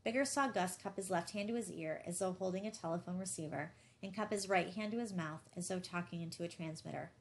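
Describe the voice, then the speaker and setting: A woman reading a novel aloud as an audiobook narrator, measured and even. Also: fairly low pitch. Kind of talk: scripted narration.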